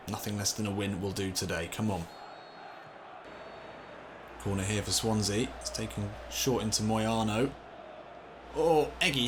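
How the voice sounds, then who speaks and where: A young man commentating his own football video game, getting excited and swearing when things go wrong. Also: on the low side, noisy background. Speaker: gaming commentator. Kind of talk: let's play commentary.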